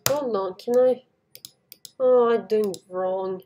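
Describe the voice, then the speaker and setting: A woman giving casual gameplay commentary to her viewers in non-native English phrasing, shouting at jumps. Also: mid-range voice, slow pace, pauses often. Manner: excitable, talks to the viewers while playing, shouts at jumps. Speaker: gaming YouTuber.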